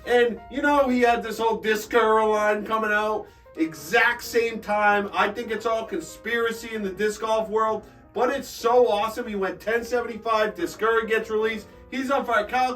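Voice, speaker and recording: Dry-witted young man, high voice. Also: moderate pace. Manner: dry, teasing, deadpan quips. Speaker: podcast co-host. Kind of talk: casual sports banter. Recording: distant mic with faint music.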